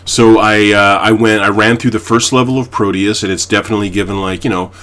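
Fairly low in pitch and fairly bright in tone, this young man from Canada talks fast with fairly even intonation. He co-hosts a podcast, casually chatting and rambling through long stories full of fillers.

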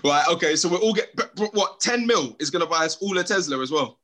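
A young man hosting a casual podcast chat, slangy and animated, telling stories with lots of laughter. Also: fairly high pitch, fast talker. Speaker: podcast host.

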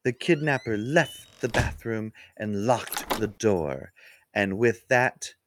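A man narrating a mystery story in an unhurried, expressive way. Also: lowish voice, noisy background.

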